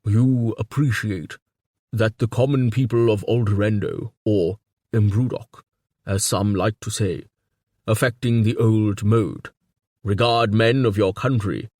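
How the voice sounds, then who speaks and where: A man's voice: fairly low pitch, steady tone, a little mellow, dry recording, clean studio sound. A man reading a wheezing, stout old king. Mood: cool, formal. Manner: measured and formal. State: out of breath. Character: corpulent wheezing older male king, cool and evasive. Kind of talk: audiobook character reading.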